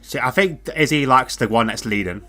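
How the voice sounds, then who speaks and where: Relaxed joking male race commentator. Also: medium pitch, fairly quick. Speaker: co-commentator of a sim racing league. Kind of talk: casual live race commentary.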